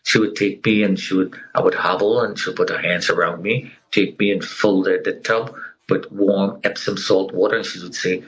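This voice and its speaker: A man's voice: low voice, steady tone, moderate pace, fairly bright tone, rough recording. A middle-aged man telling his survival story with earnest feeling, acting out the people he quotes. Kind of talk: emotional personal testimony.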